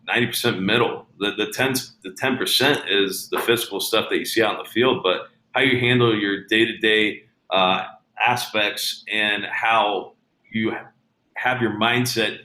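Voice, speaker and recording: A man's voice: fairly low pitch, sharp tone, roomy sound, poor audio. A man talking casually about baseball as an interview guest, telling stories with many fillers and restarts.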